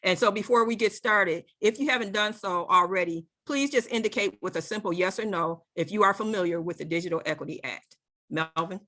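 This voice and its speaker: A woman giving prepared opening remarks as moderator of a session, deliberate and community-minded. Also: medium pitch, sharp tone. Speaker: panel moderator.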